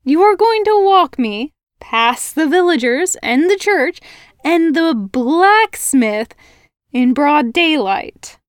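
A spirited young village woman from a fairy-tale audiobook, teasing and stubborn, her voice lifted high and lively, as a woman narrator puts her on. She laughs off danger and speaks with warm, firm insistence, in a dry, close reading. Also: slow pace, dry recording. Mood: laughing disbelief. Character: bold cheerful young human woman, teasing.

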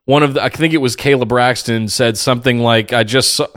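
Guy with a smooth clear voice musing on a podcast, dry sound, no room echo. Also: medium pitch, steady tone, a little fast, fairly bright tone. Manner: reflective, searching for words. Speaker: podcast co-host. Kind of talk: casual wrestling chat.

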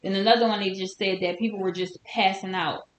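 A woman co-hosting a casual podcast chat, pushing back quickly and defensively. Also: mid-range voice, steady tone. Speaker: podcast co-host. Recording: roomy with faint hiss.

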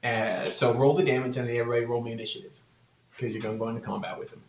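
A man running a tabletop game who narrates in a relaxed, halting way. His voice sits at a middle pitch. The room is echoey and the sound a little dull. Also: slight background noise. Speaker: game master.

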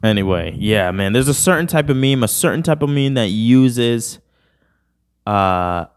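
A man's voice: lowish voice, lively intonation, moderate pace, clean tone. A man hosting a podcast in a casual, rambling, slangy chat. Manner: rambling, laid-back, slangy. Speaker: podcast host.

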